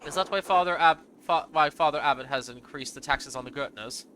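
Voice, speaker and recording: A man's voice: fairly high pitch, fairly quick, sharp tone. Man reading as an earnest young illustrator, plain game dialogue, a bit hesitant; noise under the voice. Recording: noisy home recording.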